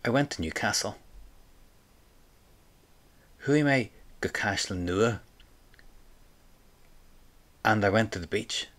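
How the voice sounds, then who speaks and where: A man's voice: lowish voice, lively intonation, takes it slowly, long pauses, fairly bright tone. A man teaching an audio language lesson, patiently prompting the listener and repeating phrases for them to say back.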